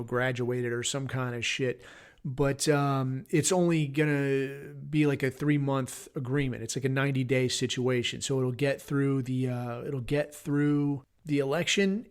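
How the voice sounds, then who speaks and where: Profane, rambling middle-aged man ranting. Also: mid-range voice. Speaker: podcast host. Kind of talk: casual rant.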